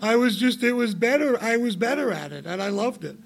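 A man's voice: very high voice, lively intonation, a little fast, gravelly. A man in his forties from England, telling his personal recovery story to a meeting in a candid, rambling way, laughing often and swinging into emphatic outbursts.

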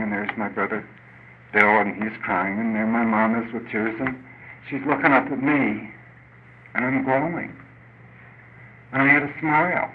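An older man speaking at a recovery meeting, telling a personal story in an earnest, halting way with many restarts. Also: lowish voice. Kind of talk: personal testimony. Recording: dull lo-fi recording with faint noise.

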